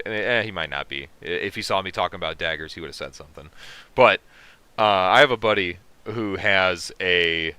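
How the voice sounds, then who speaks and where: A man with a low, bright, forceful voice hosts a casual livestream, reading chat and riffing on it with profanity and laughs. His voice is smooth and resonant, and the recording is dry and close. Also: no echo. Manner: profane, joking, reacting to chat. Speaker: livestream host.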